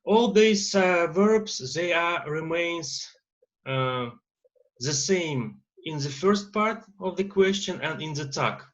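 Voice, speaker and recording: A man with a Russian accent teaching an English grammar lesson, pausing often with "uh" fillers. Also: fairly high pitch, expressive, fairly bright tone, lo-fi sound. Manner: lecturing with many uh fillers and pauses.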